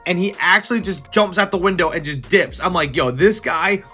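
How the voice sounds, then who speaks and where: A young man casually recapping a comic, excited and slangy, acting out the scenes. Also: high-pitched, a little fast, husky, soft background music. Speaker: comic book reviewer.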